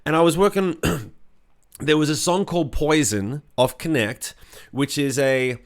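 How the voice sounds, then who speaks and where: A man co-hosting a podcast, a rock singer telling a studio story in a casual, profane, animated way. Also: a little high, measured pace, clean tone.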